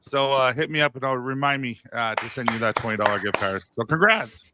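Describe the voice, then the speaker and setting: A man's voice: medium pitch, brisk, noisy background. A man from the United States hosting a podcast, upbeat and laughing often in casual chat. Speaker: podcast host.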